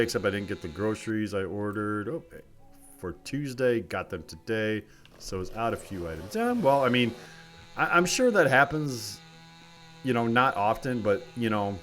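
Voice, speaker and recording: A man's voice: fairly low pitch, fairly bright tone. A man chatting casually with his viewers while playing a logging game on a live stream, rambling and talking things over with his chat.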